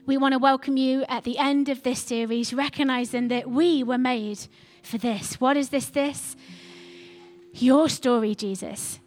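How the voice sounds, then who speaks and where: Woman pastor giving a sermon, high voice, earnest and repeating lines. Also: fairly even intonation, unhurried, a little mellow. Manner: earnest, repetitive exhortation.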